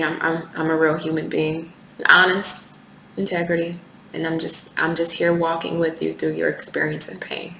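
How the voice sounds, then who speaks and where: A woman's voice: lowish voice, gravelly, fairly bright tone. A woman doing a tarot reading, speaking with passion, repeating rhetorical questions and swearing now and then. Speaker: tarot reader. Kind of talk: spiritual tarot reading to camera. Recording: echoey room with faint background noise.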